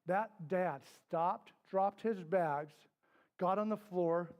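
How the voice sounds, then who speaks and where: A middle-aged man teaching a parenting workshop, talking candidly to a live group. He tells stories, acts out the voices in them and drops to a soft, quiet tone for serious points. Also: high-pitched, slow pace, clean tone, highs cut off. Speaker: parenting class instructor. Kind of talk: storytelling workshop talk. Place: indoor classroom with a live group.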